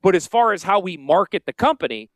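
A man with a Northern US Yankee accent, a financial advisor hosting a casual promotional podcast with salesy, jokey asides and a high-pitched voice. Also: sing-song, fast, no echo. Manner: self-described high-pitched voice. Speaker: financial advisor and radio host.

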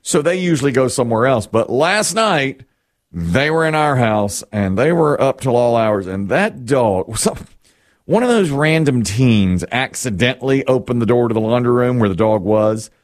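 Middle-aged man rambling with lively pitch. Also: normal speed, no room sound, studio quality. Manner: rambling storyteller, wry and self-mocking, laughs often. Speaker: radio show host. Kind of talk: casual chat.

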